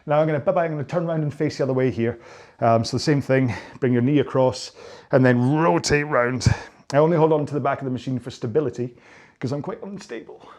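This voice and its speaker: Fast-talking and warm in a mid-range voice, a middle-aged rowing coach guides listeners through stretches after a rowing session. The instruction is follow-along, with plenty of self-deprecating chatter and rambling asides.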